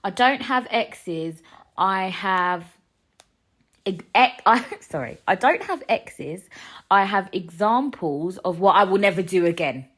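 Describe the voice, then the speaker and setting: A woman, hosting a casual solo podcast and ranting in an animated, jokey way, swinging between loud and quiet. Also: medium pitch, slow pace. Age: 20s. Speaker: podcast host.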